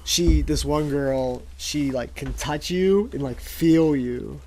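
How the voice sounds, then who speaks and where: A man's voice: on the high side, slow, mellow, a little hiss or hum. A man co-hosting a podcast, chatting casually, swearing and laughing often. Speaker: podcast co-host. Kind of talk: casual chat.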